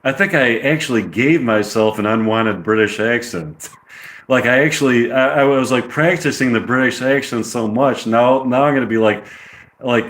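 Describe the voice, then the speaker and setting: A man's voice: mid-range voice, moderate pace, fairly bright tone. A man reading through a script he wrote, rambling and interrupting himself, with many fillers. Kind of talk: amateur script read-through.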